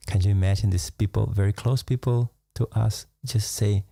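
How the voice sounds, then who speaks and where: Low gravelly guy, slow musing meditation talk, little laughs. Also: steady tone, dry recording, studio quality. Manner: unhurried, musing, laughs softly between thoughts. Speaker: meditation teacher. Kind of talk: reflective live-stream talk.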